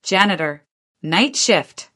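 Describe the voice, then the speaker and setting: A woman's voice: medium pitch, lively intonation, takes it slowly, bright, forceful tone, heavily acted. A woman voicing a blunt, shaken young woman janitor who talks tersely and nervously. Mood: tense.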